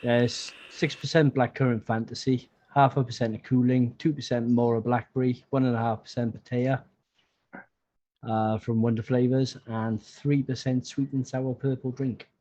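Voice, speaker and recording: A man in a casual live-stream chat, halting at first, then reading recipes out steadily. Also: medium pitch, flat delivery, dark tone. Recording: dull lo-fi call audio.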